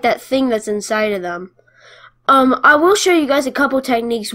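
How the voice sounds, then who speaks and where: A woman giving casual gameplay commentary, playful and excitable, cheering her wins and taunting the other players. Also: fairly high pitch.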